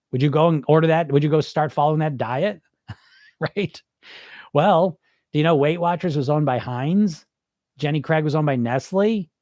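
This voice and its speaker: A man's voice: a little high, darkish tone, dry recording, clean studio sound. A man hosting a weight loss coaching podcast, talking casually and energetically with frequent restarts and asides while answering listeners live.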